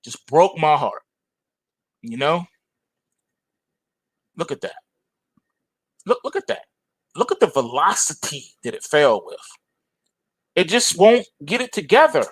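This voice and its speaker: A trading show host gives end-of-day market commentary in loose, animated slang, treating the charts like people. His voice sits fairly high, and the sound is dry and close. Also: unhurried, long pauses, breathy edge, no echo.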